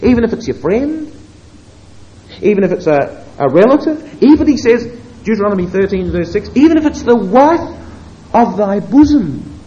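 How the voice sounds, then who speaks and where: A man preaching a sermon, moving between quiet asides and emphatic, drawn-out scripture quotations. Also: high voice, muffled recording. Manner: expressive, swings between hushed asides and emphatic quoting.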